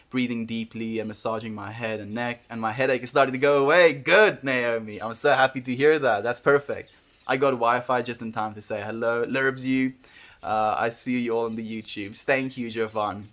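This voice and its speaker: A young man talks warmly to his viewers on a home livestream, thanking them and offering encouragement. His voice sits at an ordinary middle pitch and often drops soft at the ends of phrases. He speaks into a desk mic in a small room. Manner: gentle, earnest and encouraging, softening to near-murmurs at the ends of phrases. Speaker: livestream host. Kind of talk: casual livestream chat, reading viewer comments.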